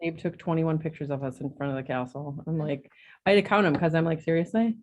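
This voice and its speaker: A woman's voice: fast, lo-fi sound, a little hiss or hum. A middle-aged woman telling a story to her coaching group in casual chat, acting out the quotes with big leaps in her voice. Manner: animated, acts out quotes with big jumps in pitch. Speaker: real estate agent in coaching group.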